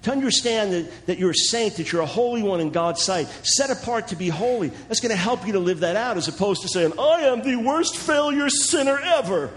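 A man preaching in a sermon-style teaching talk, animated and chuckling, acting out the voices of the people he quotes. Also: sits high, a little fast, hardly any pauses.

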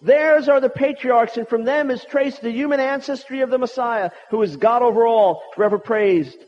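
A man's voice: very high-pitched, normal speed. A man preaching a sermon with prayer, impassioned and emphatic, repeating his points. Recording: dull sound with long hall reverb.

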